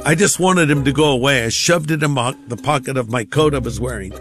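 A man's voice: mid-range voice, a little fast, a bit bright, faint music behind. A man giving a conversational personal testimony, acting out the voices of the people in his stories.

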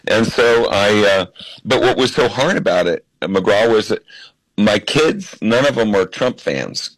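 An American man, a comedian guest in an interview, telling stories and acting out quoted lines with lively shifts. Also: lowish voice, measured pace, no room sound, low-quality recording. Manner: animated storyteller who acts out quotes. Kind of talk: interview storytelling.

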